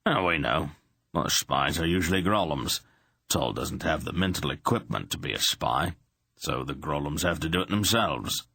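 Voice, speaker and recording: A man doing a practical middle-aged smith with a very deep, gravelly, husky voice. He explains things plainly and with dry understatement, as in an audiobook. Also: animated, moderate pace, sharp tone, no echo, exaggerated voice. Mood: matter-of-fact. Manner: dry, matter-of-fact understatement.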